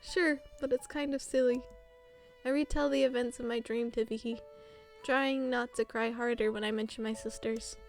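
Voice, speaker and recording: A woman streamer reading a visual novel aloud on stream, animated and easily flustered. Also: on the high side, moderate pace, gravelly, faint music behind.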